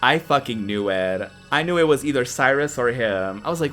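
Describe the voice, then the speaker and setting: A woman in her twenties commenting casually on a retro game while streaming, with profane, excitable reactions. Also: a bass voice, normal speed. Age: 20s. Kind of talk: live gameplay commentary. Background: game music.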